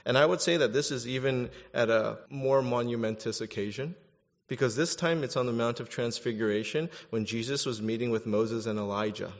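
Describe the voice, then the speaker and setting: A man's voice: medium pitch, fairly quick, big-room sound, lo-fi sound. A man preaching a sermon, animatedly acting out voices of the people in his story. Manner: animated, mimics voices of biblical figures. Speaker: pastor.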